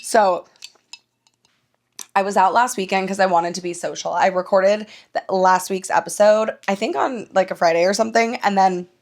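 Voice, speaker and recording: A young woman hosting her own podcast, telling stories in a casual, animated way, swearing freely and laughing often. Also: mid-range voice, moderate pace. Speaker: podcast host. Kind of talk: casual solo podcast chat.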